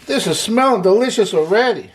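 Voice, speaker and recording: A man's voice: high voice, lively intonation, fairly quick, slightly rough. A man hosting a casual cooking demonstration, chatty and upbeat as he explains each step while he works. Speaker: cooking show host. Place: home kitchen.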